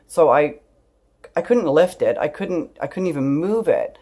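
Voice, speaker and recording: A woman's voice: low-pitched, lively intonation, normal speed, dark tone. A woman vlogger telling a personal story straight to camera in a candid, chatty way, swearing freely and laughing through tears. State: tearful.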